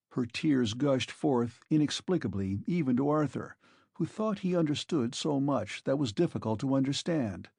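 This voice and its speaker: Husky male audiobook narrator. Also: medium pitch, animated, moderate pace, darkish tone, no room sound, clean studio sound. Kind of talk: scripted narration.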